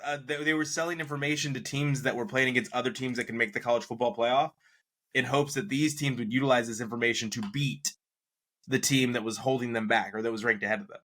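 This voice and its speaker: A man's voice: mid-range voice, fairly even intonation, fast, pushed and bright. A man co-hosting a sports podcast, arguing in a skeptical, needling way and laughing often. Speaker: podcast co-host. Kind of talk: casual sports debate.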